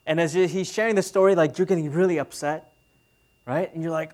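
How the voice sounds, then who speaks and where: A man's voice: high-pitched, steady tone, quick pace. A man in his thirties preaching a sermon as pastor, speaking conversationally and asking the audience questions.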